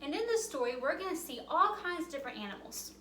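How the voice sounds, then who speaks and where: A woman's voice: high-pitched, big pitch swings, quick pace, a bit bright, echoey room, slight background noise. A woman leading a children's yoga storytime, giving cheerful, sing-song instructions to young kids.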